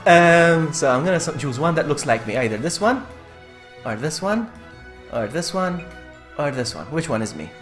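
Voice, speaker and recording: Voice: mid-range voice, huge pitch swings, unhurried, fairly bright tone, echoey room, faint music behind. A game streamer chatting casually on a live stream, giggly and greeting viewers by name.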